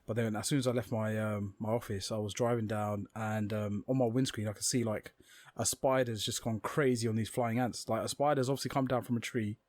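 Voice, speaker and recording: Young male podcast co-host, fast and lively storyteller, close dry mic. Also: on the low side, no room sound. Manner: swearing, animated storytelling with acted-out quotes. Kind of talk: casual chat.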